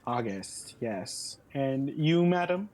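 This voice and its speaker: A man's voice: medium pitch, lively intonation, takes it slowly, darkish tone. A man playing a tabletop game, speaking grandly and theatrically as his character. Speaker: player. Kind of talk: in-character tabletop role-play. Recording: faint background noise.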